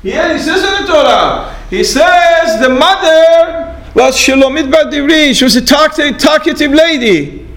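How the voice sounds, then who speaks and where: Slow, gravelly high-voiced man teaching. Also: lively intonation, a bit bright, low-quality recording. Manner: halting, pauses with fillers, asks rhetorical questions. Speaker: Torah teacher. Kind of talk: class lesson on scripture.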